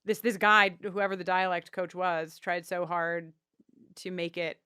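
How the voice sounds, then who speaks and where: A woman from Long Island co-hosts a rewatch podcast. She talks in a loose, rambling way, with ums and quick restarts. Her voice is smooth and clear, and the recording is close and dry. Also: fairly low pitch, fairly even intonation, sharp tone, no room sound. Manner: chatty, self-interrupting, with frequent ums. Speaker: podcast co-host. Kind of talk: casual chat.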